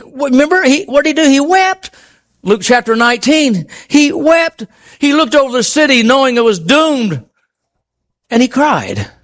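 A man preaching a sermon, emphatic and full of rhetorical questions, swinging between raised exclamations and low murmurs.

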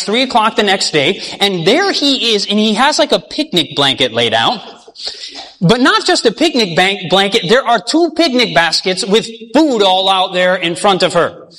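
High, bright-voiced male preacher in a hall. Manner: storytelling, acting out voices, asking the audience questions. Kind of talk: sermon.

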